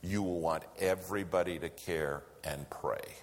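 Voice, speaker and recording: A man preaching a sermon, telling a story and swinging between loud lines and hushed whispers. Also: sits low, steady tone, a little slow. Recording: long hall reverb.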